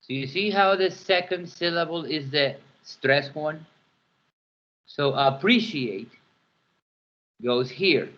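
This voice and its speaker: Slow, bright-voiced teacher. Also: male voice, fairly high pitch. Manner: repeats words slowly to model stress. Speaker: English teacher. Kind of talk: classroom pronunciation lesson. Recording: dull lo-fi classroom recording.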